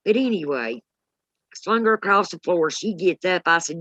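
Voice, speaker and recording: A woman's voice: fairly low pitch, moderate pace, no room sound, muffled recording. A woman, telling a story in blunt, salty casual chat. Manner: blunt, salty, animated retelling.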